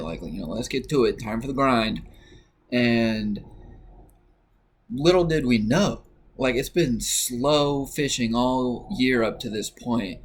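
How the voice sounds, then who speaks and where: A man's voice: mid-range voice, slightly rough. A young man casually telling a personal work story, rambling with lots of "like" and "you know" fillers. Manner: relaxed, rambling with many fillers.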